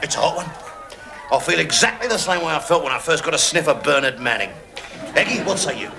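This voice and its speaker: A crude, scornful TV executive speaks in a fairly high, lively voice and trades insults bluntly. A loud studio audience and heavy noise sit under him. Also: male voice, fast, creaky, crowd noise. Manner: blunt, insulting, bursts into shouts. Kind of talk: studio sitcom acting.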